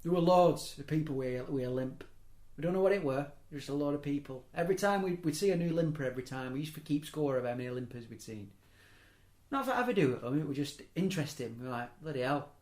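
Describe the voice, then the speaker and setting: A man's voice: a little high, animated, quick pace, a little mellow. A young man, telling long rambling stories in casual podcast chat, breaking off mid-sentence and adding chuckling asides. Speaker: podcast host. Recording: echoey room.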